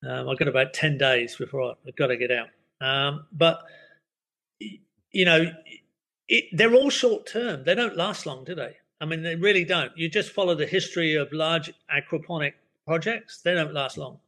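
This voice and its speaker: An older man with a bright, forceful tone and a fairly high voice for a man talks through ideas as an interview guest. He rambles reflectively, stumbling over repeated words and filling gaps with "you know." His manner stays easygoing, with soft chuckles. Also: normal speed. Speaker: permaculture educator, podcast guest. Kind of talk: casual interview conversation.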